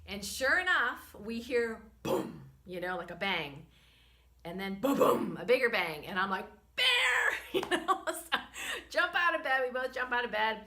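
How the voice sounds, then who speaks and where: Bright-voiced woman telling a lively story. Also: on the high side, normal speed. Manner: animated, chatty, many fillers, laughs often. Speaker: host and spiritual medicine practitioner. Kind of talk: casual storytelling. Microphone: camera she holds herself.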